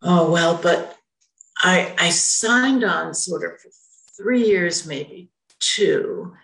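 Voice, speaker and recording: A woman's voice: on the low side, animated, very slow, vocal fry, a bit bright, roomy sound, low-quality recording. A retired woman rabbi in her seventies chatting on a video call, telling her story in a rambling, self-correcting way. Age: 70s. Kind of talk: casual group conversation.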